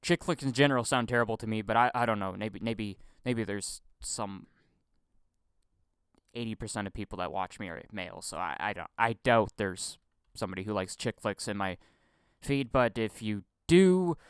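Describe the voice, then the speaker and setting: A man's voice: on the low side, expressive, moderate pace, clean tone, no echo, studio quality. A young man ranting casually about film acting, stammering, repeating himself, swearing often and acting out mocking impressions. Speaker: film commentary vlogger. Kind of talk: casual profane rant.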